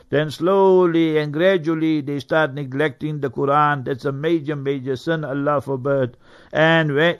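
A man with a somewhat raised pitch teaches like a preacher on the radio. He talks earnestly and leans on key words for emphasis. Now and then he breaks into quick Arabic recitation. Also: clean tone. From South Africa. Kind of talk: religious talk on Quran verses. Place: radio studio.

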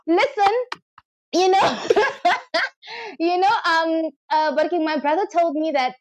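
A South African woman with a bright, high voice co-hosts a casual chat podcast. She tells her stories in a chatty, loose way and breaks into giggles often. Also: takes it slowly, poor audio. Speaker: podcast co-host.

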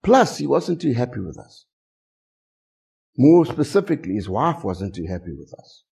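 This middle-aged South African English pastor preaches with animated stories and lots of rhetorical questions. He speaks at normal speed, medium pitch, with a creaky, breathy quality.

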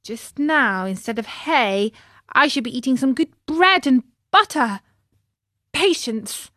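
A woman's voice: high voice, expressive, slow pace, sharp tone, dry recording, clean studio sound, pitched above the performer's own voice, heavily acted. Woman voicing a plaintive donkey-boy puppet. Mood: rueful. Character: puppet boy turned donkey, hungry and regretful.

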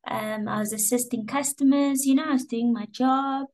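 A woman's voice: high voice, fairly even intonation, normal speed, darkish tone, low-quality recording. A young woman, a guest, telling a personal story in a candid, emotional way. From South Africa. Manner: emotional, candid, repeats words and fillers.

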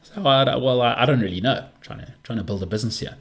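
A man's voice: mid-range voice, fast talker, creaky, fairly bright tone. A man hosting his podcast in a casual solo monologue, rambling and self-deprecating, with frequent restarts. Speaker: podcast host.

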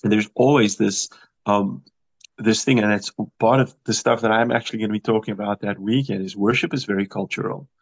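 A man's voice: on the low side, brisk. A middle-aged South African man with a slightly American-tinged accent, a worship producer talking animatedly in an interview and restarting his phrases often. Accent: South African with some American. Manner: animated, emphatic, thinks aloud with restarts. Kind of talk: radio interview.

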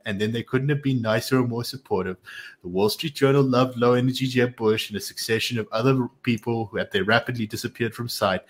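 A man's voice: mid-range voice, close to an everyday voice. A man voicing a boastful, blustering male politician in a comic impression, reading a statement aloud with bragging claims and mocking nicknames.

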